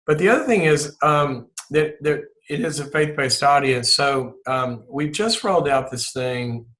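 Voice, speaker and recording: Southern-accented man, animated and restarting. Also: medium pitch, a little slow. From Mississippi, USA. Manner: animated, often restarts and repeats words. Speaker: guest psychologist and leadership author. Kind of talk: podcast interview and spoken prayer.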